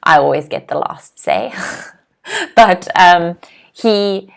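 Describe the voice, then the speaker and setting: A young woman teaching English in a live online lesson, reading out viewers' comments and drilling new words with clear, slow pronunciation. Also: lowish voice, expressive. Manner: clear, slow word-by-word pronunciation drills with frequent "okay?" checks; reads viewers' comments aloud and laughs lightly.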